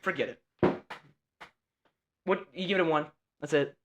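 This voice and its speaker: A young man hosting a podcast with his father, earnest and easily flustered, talking in quick bursts. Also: a little high, lo-fi sound, very noisy. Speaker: podcast host, son. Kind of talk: casual chat.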